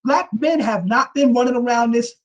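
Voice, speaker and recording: High-pitched guy ranting on his vlog, super emphatic, keeps asking if you get him. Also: normal speed, muffled recording. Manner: emphatic, repeats "you know what I'm saying". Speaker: vlog commentator. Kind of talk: casual ranting commentary.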